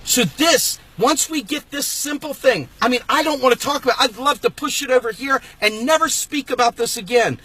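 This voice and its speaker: A man hosting his own political channel, delivering an angry, emphatic rant and sometimes shouting. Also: very high-pitched, moderate pace, hardly any pauses, husky. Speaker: host of a political video channel. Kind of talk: impassioned political rant to camera.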